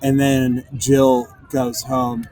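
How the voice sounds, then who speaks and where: A man's voice: medium pitch, level tone, very slow, mellow. A young man co-hosting a casual chat outdoors, telling stories with lots of laughs and filler words. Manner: laid-back storytelling with frequent laughs and "like" fillers. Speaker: podcast co-host. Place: outdoor park basketball courts.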